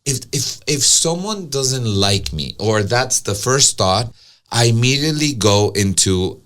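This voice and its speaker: A man's voice: mid-range voice, measured pace. A man being interviewed as an author, telling stories animatedly and acting out what people said. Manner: storytelling, animated, acts out quotes. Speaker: guest author. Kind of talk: interview conversation.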